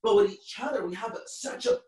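A man in his thirties tells stories with animated energy, acting out other people's voices and repeating his points for emphasis. He sounds distant from the microphone, and the space around him has a roomy echo. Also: sits high, fast talker. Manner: animated, acts out quotes, repeats himself. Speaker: podcast guest, motivational speaker. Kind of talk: storytelling in a podcast interview. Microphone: call recording.

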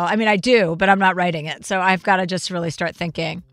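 A woman's voice: lowish voice, steady tone, quick pace, no echo, studio quality. A woman in her forties hosting a podcast, a comedian talking in a blunt, profane, casual way. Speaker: podcast host. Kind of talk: casual chat.

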